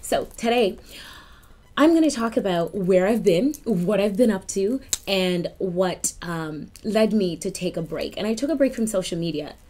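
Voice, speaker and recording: A woman in her thirties, a healer and life coach, talking openly to camera in a personal vlog, with many ums and repeats and now and then a breathy whisper. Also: mid-range voice, expressive, moderate pace. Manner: warm confiding talk with many ums and repeats.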